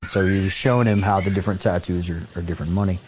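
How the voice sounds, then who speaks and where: Lively storytelling man, low voice. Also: rapid-fire, a little hiss or hum. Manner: animated anecdote-telling, acts out quoted voices, laughs often. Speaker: show host. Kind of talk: casual storytelling chat.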